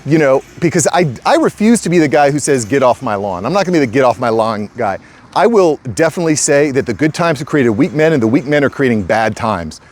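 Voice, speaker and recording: This middle-aged man runs his own channel and talks fast, right into the camera, with an animated, slightly mellow, somewhat high voice. He's emphatic and repetitive, calling everyone "guys" in a casual tone.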